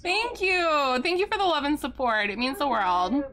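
A woman's voice: high-pitched, very animated, normal speed, bright, forceful tone. A young adult woman streaming a game live, giggly and effusive as she thanks her chat.

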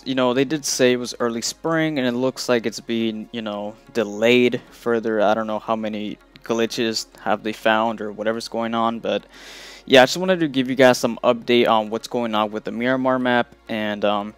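A man's voice: mid-range voice, fairly even intonation, moderate pace, clear, resonant tone, soft background music. A young man hosting a casual gaming news vlog, talking loosely with lots of fillers. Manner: loose and rambling, many fillers. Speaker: gaming video host.

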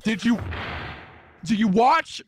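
Woman streamer, high lively voice, slow repeated lines, loud music behind. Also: a little hiss or hum. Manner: keeps repeating lines in swinging pitch, breaking into squeaky yelps. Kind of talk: casual live-stream chat practicing a deep male voice.

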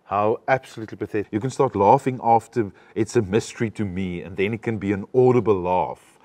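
A man with a low, deep voice coaching a young actor. His delivery rises and falls a lot as he explains and demonstrates how to speak the lines. He talks in an animated, teaching way. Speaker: acting coach. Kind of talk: coaching a student.

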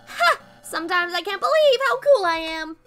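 A woman's voice: very high voice, very animated, moderate pace, bright, forceful tone, soft background music, full character voice. A woman reading out the lines of a boastful, nerdy bird-like rival from a game. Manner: reading game dialogue aloud.

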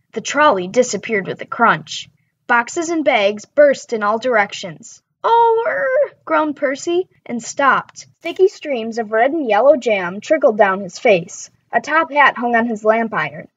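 A woman narrating a children's railway story in a brisk, lively way. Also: on the high side, husky, muffled recording. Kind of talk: storybook read-aloud. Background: background music.

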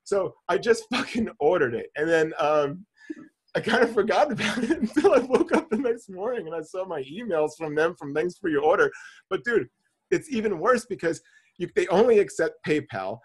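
A man's voice: sits high, sing-song, moderate pace, breathy edge. A man co-hosting a podcast, telling a story in casual chat, swearing freely and acting out his own panic. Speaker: podcast co-host.

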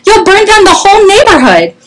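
A woman's voice: mid-range voice, expressive, normal speed, heavy background noise, close to an everyday voice. A woman voicing a scolding mother dragon in a children's storybook. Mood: alarmed.

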